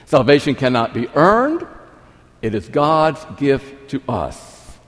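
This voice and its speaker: A man's voice: mid-range voice, big pitch swings, slow pace. Emphatic male preacher in a reverberant hall. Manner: emphatic, repeats key phrases, swings loud and soft. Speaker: pastor. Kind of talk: sermon. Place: church sanctuary. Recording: long reverb of a large hall.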